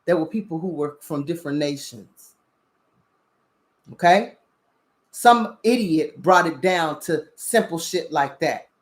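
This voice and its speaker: A woman's voice: low voice, expressive, a little slow, pauses often. A woman hosting a spiritual talk show, preaching bluntly with lots of profanity and repeated "you understand?" questions. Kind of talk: casual spiritual commentary.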